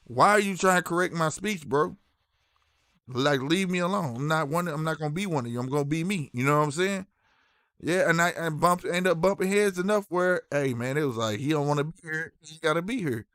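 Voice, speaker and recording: St dude hosting a stream, kinda high voice, talks loose and repeats himself, dry close sound. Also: male voice, lively intonation, fairly quick, a bit bright, no room sound. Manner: loose, repetitive, says "bro" and "you know what I'm saying". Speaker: streaming show host. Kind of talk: casual talk to live chat.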